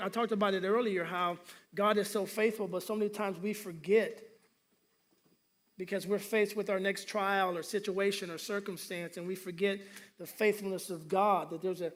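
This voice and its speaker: A man's voice: high voice, fairly bright tone. A male pastor preaching a sermon, telling humorous stories and calling for responses from the congregation.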